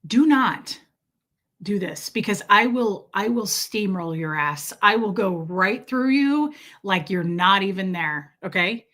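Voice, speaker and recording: Female streamer, mid-pitched, foul-mouthed comic ranter, loud-then-muttering delivery. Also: animated, slow. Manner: profane, exaggerated, repeats herself for emphasis; swings between loud outbursts and muttered asides. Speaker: livestream host. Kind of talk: comedic rant to a livestream audience.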